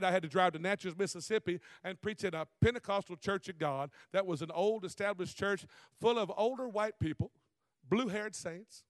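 Animated preacher man, high-pitched. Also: no room sound. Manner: folksy, animated preaching with laughs and rhetorical questions. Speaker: visiting preacher. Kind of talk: sermon.

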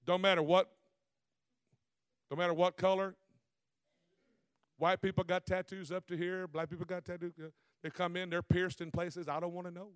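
A preacher man, middle-aged, delivering a folksy, lively sermon. His voice sits fairly high, and the sound is close and dry. He drives home his points with one rhetorical question after another. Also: moderate pace, pauses often, clean tone, no echo. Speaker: visiting preacher.

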